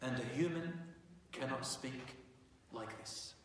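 A man telling a dramatic story as a sermon, going from hushed lines to loud, animated ones. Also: medium pitch, slow pace, recorded from a distance, slight background noise. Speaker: preacher. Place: mosque prayer hall. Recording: echoey hall, mic from afar.

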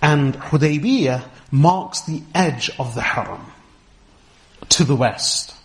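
A middle-aged man giving a deliberate religious lecture, explaining history and careful Arabic terms as a teacher. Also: a little high, lively intonation. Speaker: Islamic teacher.

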